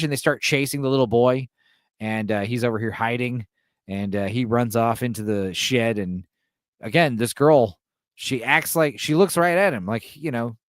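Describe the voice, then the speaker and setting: A man's voice: fairly low pitch, no room sound, studio quality. A man hosting a podcast, recapping a film in a loose, rambling way, full of fillers and the odd swear. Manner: rambling, full of uh and you know; loose, mildly profane. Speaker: podcast host.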